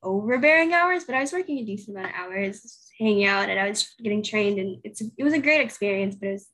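A woman's voice: medium pitch, lively intonation, fast, fairly bright tone. An eighteen-year-old woman guest on a podcast, telling a casual story full of fillers and acting out her own past thoughts. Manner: chatty, filler-heavy storytelling with acted-out inner quotes. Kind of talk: casual interview conversation.

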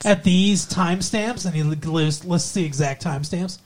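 A man co-hosting a podcast, chatting casually and sarcastically about a TV episode, with plenty of swearing and deadpan asides. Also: sits high, normal speed. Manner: sarcastic, profane, quotes characters in flat asides. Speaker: podcast co-host. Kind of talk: casual chat recapping a TV episode.

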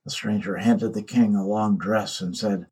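A man narrating a myth in a measured storytelling voice. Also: lowish voice, fairly even intonation, darkish tone, husky, rough recording.

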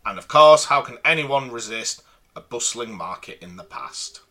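A man's voice: medium pitch, expressive, normal speed, sharp tone. A man cohosting a casual podcast, teasing his cohost and reading out listener messages. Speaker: podcast co-host.

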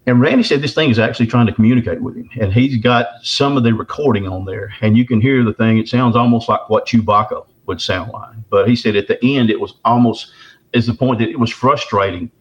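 An older man from the Texarkana area of the southern US tells a long story in a casual, folksy way, often repeating and restarting his words. His mid-range voice moves a little fast, and the recording is dull and lo-fi.

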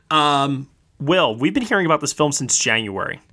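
A man's voice: a little high, sharp tone, breathy edge. A man hosting a casual film review podcast. He speaks with enthusiasm, often stumbling over his words and restarting. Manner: enthusiastic, halting with repeated restarts.

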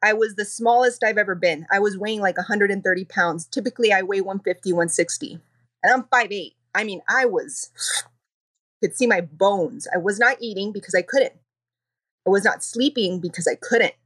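A woman's voice: mid-range voice, fairly bright tone. A woman who is a podcast guest, telling a personal story in an earnest, emotional way. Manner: earnest, emotional, quick recounting.

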